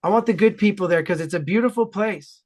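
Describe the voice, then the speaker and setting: A man from Ontario, Canada, talking enthusiastically and loudly as a guest in a casual podcast chat. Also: high voice, fast. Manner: enthusiastic, animated, loud talker.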